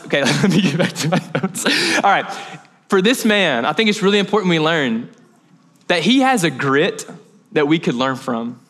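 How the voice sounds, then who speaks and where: A young male pastor preaching in a loose, conversational way, full of jokes and asides. His voice sits high, bright and forward. He sounds animated and relaxed. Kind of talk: sermon.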